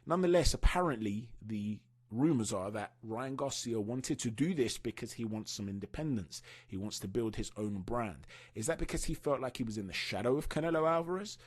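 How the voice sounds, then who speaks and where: Male host, husky tone, chatty and opinionated in casual fight-news commentary. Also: medium pitch, expressive, fairly quick, few pauses. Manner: chatty, opinionated, asks viewers for their views. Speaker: boxing channel host.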